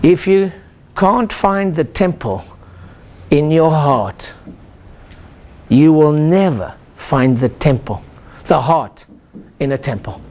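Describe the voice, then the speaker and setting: Older man, chiropractor, motivational seminar speaker, very animated swooping pitch, exclamatory, call-and-response with audience. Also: slow, long pauses. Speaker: chiropractor giving a seminar talk. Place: lecture room with a live audience.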